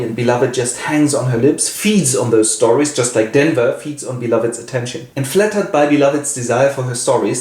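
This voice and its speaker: A man's voice: medium pitch, darkish tone. A man casually retelling a novel as host, breezy with playful asides. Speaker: literature summary host. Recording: roomy echo.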